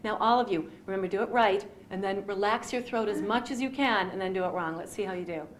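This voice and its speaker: A woman who teaches speech and performs, giving a dramatic reading and leading a voice exercise in an expressive, instructive manner. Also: medium pitch, fast, slight background noise. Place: large formal event room.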